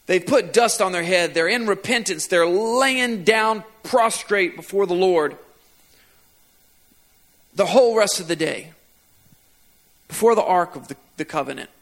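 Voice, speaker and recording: A man's voice: sits high, a little slow, pauses often, fairly bright tone. A man preaching a sermon as pastor, retelling a scripture passage and driving home repeated refrains with rising emphasis.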